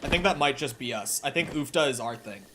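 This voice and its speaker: A man's voice: mid-range voice, expressive, brisk, pushed and bright, a little hiss or hum. Laid-back Minnesotan young man streaming. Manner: loose, offhand, swears, answers chat. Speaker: game streamer. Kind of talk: casual live-stream chat while gaming.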